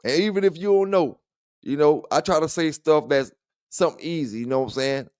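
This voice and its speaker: On his livestream dog talk show, a man with a fairly high, clean-toned voice talks briskly with viewers. The studio sound is clean with no echo, and his casual chat is full of profane trash talk and frequent laughter.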